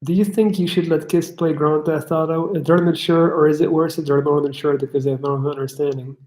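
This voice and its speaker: A man's voice: fairly high pitch, steady tone, fairly quick, a little mellow. Blunt, echoey livestream host, man. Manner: blunt, swears, reads chat aloud and riffs. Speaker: livestream host answering chat questions. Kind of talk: casual livestream chat. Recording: echoey room.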